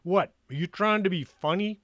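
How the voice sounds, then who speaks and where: A man voicing a gruff, irritable armed man who talks in a blunt, sarcastic way, in a storybook reading. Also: high-pitched, normal speed, fairly bright tone, no echo, studio quality, voice pushed up.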